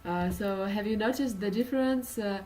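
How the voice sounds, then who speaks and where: A woman's voice: mid-range voice, normal speed, darkish tone, distant mic, a little hiss or hum, low-quality recording. A woman from Russia with a Russian accent, teaching an English pronunciation lesson with many uh and um fillers and patient explanations.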